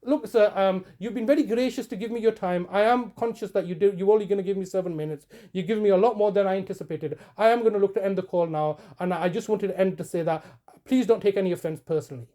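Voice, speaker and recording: A man with a mellow, warm voice pressing his case with insistent repetition. He stumbles and restarts often but keeps pushing, and sits a little higher in pitch than most men. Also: quick pace. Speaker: campaigner confronting a solicitor on a call. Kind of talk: heated phone argument, then commentary to camera.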